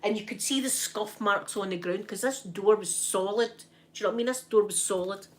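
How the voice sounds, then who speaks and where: An ASMR streamer, a Scottish woman with a medium-pitched voice, talks fairly quickly as she tells her live chat a story. She's casual and animated, acting out what people said and tagging lines with "right?"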